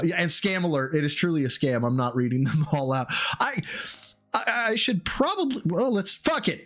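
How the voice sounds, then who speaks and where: A man hosting a casual livestream, excitable and rambling, swearing freely as he thanks viewers. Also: on the high side. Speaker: streamer host.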